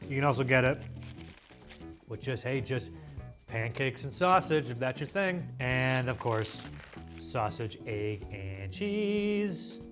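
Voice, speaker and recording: A man's voice: medium pitch, animated, measured pace, long pauses, over music. A man hosting a food review show, talking in an enthusiastic, jokey, playful way. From United States. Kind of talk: casual food review chat.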